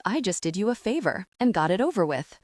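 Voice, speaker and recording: A woman voicing a smug, scheming woman who speaks slowly and mockingly in an audiobook. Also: medium pitch, very animated, a little mellow, no echo, studio quality. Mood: cold. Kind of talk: audiobook narration.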